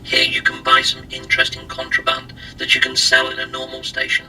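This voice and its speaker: A man voicing Exo, a calm, informative AI companion who rides on the player's shoulder in a video game and explains things to him. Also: very high-pitched, a little fast, faint music behind, voice pushed up, exaggerated voice, low-quality recording. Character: helpful male AI companion on shoulder.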